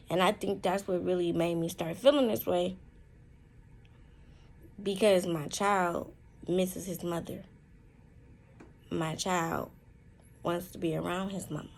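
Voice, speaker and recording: A young woman talking candidly in a personal vlog from a hospital room, in slow, halting, heartfelt speech with many fillers. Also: mid-range voice, gravelly, a little mellow, low-quality recording. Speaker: vlogger.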